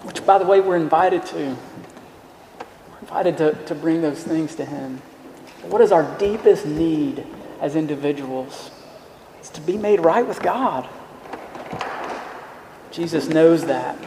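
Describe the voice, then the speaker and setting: A man's voice: fairly high pitch, measured pace, long pauses, mellow. Man, preacher, sermon, earnest, rhetorical questions, echoey hall, faint background noise.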